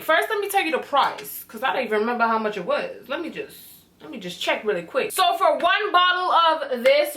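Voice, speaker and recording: A young woman from Canada reviews beauty products on camera in an animated, excitable way, cursing freely as she goes. Her voice is bright and sits a little high, and she is recorded at close range on a camera mic. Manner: animated, excitable, swears casually. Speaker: beauty vlogger. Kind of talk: product first-impression vlog.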